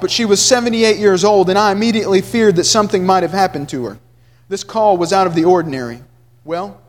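A man preaching a sermon, reading a grieving father's account aloud with earnest, slow emotion that drops soft at the grave moments. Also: sits high, big-room sound.

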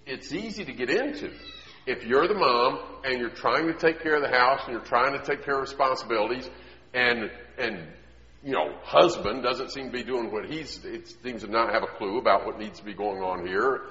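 A man preaching a sermon in an earnest way, often dropping to quiet emphasis. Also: mid-range voice, normal speed, a little hiss or hum. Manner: earnest, drops to quiet emphasis, acts out quoted voices. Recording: echoey hall, dull lo-fi sound.

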